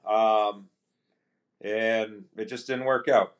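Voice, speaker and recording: Speaking extremely slowly in a fairly low voice, a pro hockey player on a podcast relaxes into casual storytelling. He imitates teammates and trainers as he quotes their lines. His recollection is marked by frequent sentence restarts and heavy use of fillers.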